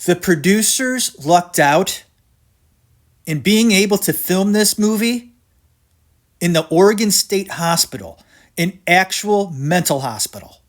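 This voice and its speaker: A man hosting his own podcast, rambling through an excitable rant about film history, swearing and laughing at himself. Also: sits high, measured pace. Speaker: podcast host.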